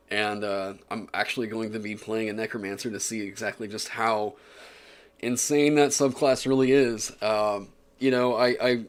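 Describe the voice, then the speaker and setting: Male streamer, mid-pitched, chatty and rambling, home setup. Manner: rambling, filler-heavy, upbeat and chatty. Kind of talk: casual livestream chat.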